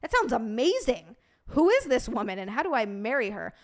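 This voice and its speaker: A woman's voice: fairly high pitch, very animated, normal speed. A young woman live streamer in casual, profane, bubbly banter with her viewers.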